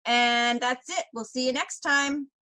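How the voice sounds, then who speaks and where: A woman's voice: high-pitched, measured pace, bright, forceful tone, poor audio. A woman co-hosting a podcast, talking casually with many fillers and easy laughs. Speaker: podcast co-host. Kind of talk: casual chat.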